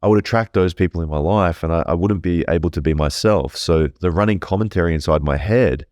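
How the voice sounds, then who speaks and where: Male guest, very low voice, candid and foul-mouthed, dry close-mic sound. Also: fairly quick, a little mellow, no room sound. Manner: swears freely, rambling and candid. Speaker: podcast guest. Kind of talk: casual storytelling.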